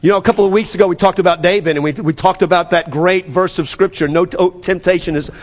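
A man with a New Orleans accent preaching a sermon as pastor, animated and acting out the scripture dialogue with stammered restarts. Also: sits high, fast. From New Orleans area. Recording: long hall reverb.

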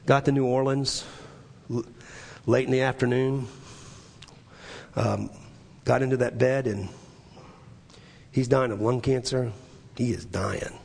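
A man preaching a sermon, telling a personal story in an earnest, halting way with many restarts. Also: mid-range voice, steady tone, gravelly, darkish tone. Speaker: pastor. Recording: echoey hall with long reverb.

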